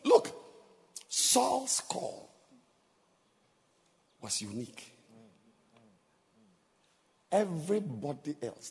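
A male pastor preaching a sermon, animated and laughing, firing rhetorical questions at the congregation. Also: medium pitch, takes it slowly, long pauses, long reverb tail.

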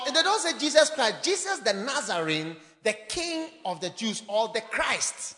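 A man preaching a sermon, reading scripture aloud and explaining it with emphatic, animated bursts. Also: very high voice, measured pace, hardly any pauses, in a large hall.

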